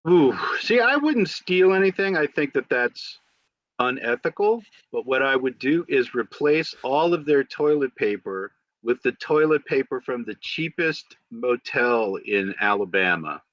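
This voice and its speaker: A man's voice: mid-range voice, lively intonation, unhurried, fairly bright tone. A man co-hosts a casual live chat over a remote call. His phrasing is wry and mock-formal. The audio sounds dull and dry, with a muffled top end and no room echo. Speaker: co-host.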